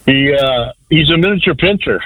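A man's voice: a little high, animated, normal speed, fairly bright tone, no echo, rough recording. A man calling into a radio show, telling a rambling story with restarts and fillers. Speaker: caller.

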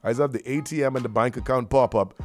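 Man, radio host, rambling slangy banter, mid-pitched voice, faint music behind. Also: fast. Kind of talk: casual radio patter with shout-outs.

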